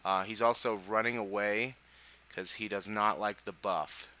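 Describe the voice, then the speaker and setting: A man's voice: on the low side, steady tone, unhurried, bright, forceful tone, poor audio. A young man giving casual gameplay commentary, chatty and laughing, with playful sarcastic asides.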